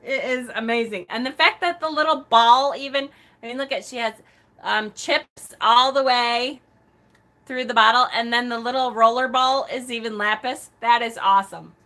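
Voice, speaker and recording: A woman hosting a casual live stream, a self-described loud talker who gushes and laughs often. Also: fairly high pitch, moderate pace.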